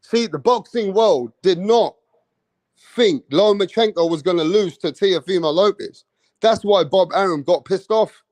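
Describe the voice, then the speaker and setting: A man giving casual boxing commentary, excitable and slangy, repeating himself for emphasis. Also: high-pitched, unhurried, no room sound.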